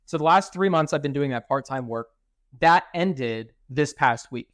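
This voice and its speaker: A man's voice: fairly high pitch, normal speed, fairly bright tone, no echo, clean studio sound. A young man co-hosting a podcast, telling stories in casual chat, swearing freely and acting out what people said. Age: young adult. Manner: swears freely and acts out quoted dialogue. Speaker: podcast co-host.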